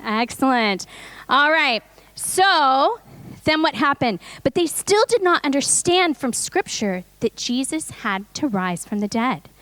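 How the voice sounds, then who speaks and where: A woman's voice: sits high, big pitch swings, takes it slowly, fairly bright tone. A woman leading a children's Easter reenactment in a church, upbeat and coaxing as she directs the kids into place. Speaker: children's presentation leader.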